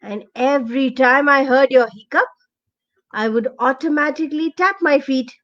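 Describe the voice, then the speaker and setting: A woman's voice: high voice, moderate pace, a bit bright, muffled recording. A woman playing a kindly frog friend. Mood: affectionate. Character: friendly male frog drummer, fun-loving.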